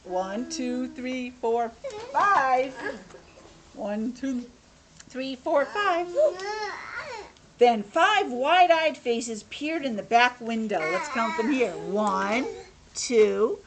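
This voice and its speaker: A woman teacher reading a picture book aloud to young children, animated, stopping for asides to the class. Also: a little high, slow pace, a crowd in the background.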